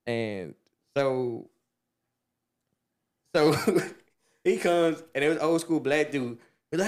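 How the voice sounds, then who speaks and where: A man with a slightly high voice tells a story as a podcast guest, loose and animated. He laughs often and gets louder when he acts out what people said. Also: a little slow. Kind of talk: casual storytelling.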